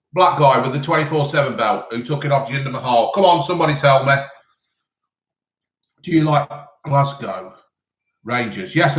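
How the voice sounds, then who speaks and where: A man chatting casually on a live stream, eating and answering chat questions in a rambling way full of ums. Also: a little high. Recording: roomy echo.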